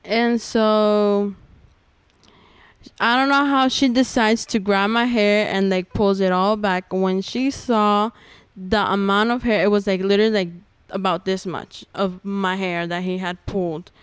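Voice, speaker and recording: Very clear-voiced young woman telling her story. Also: medium pitch, fairly even intonation, a little slow, dry recording. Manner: earnest storytelling, many "like" fillers. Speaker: podcast guest. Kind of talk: personal testimony in casual conversation.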